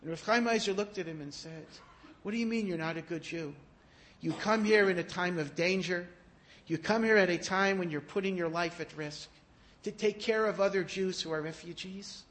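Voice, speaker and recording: A man giving a sermon, telling stories in an animated way that rises to emphatic peaks. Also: sits high, moderate pace. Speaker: rabbi giving a talk. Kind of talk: storytelling sermon.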